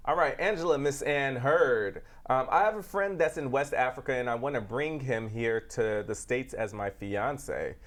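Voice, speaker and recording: A man's voice: medium pitch, moderate pace, few pauses. Laid-back male co-host. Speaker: co-host reading viewer questions. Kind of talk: live talk show banter.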